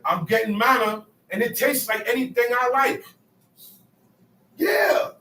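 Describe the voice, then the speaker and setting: A man's voice: extremely high pitch, expressive, a little slow, bright, forceful tone. A man teaching a Bible study to a small group, emphatic and acting out quotes as he calls on his listeners. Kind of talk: preaching scripture study. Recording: echoey room, distant mic, faint noise.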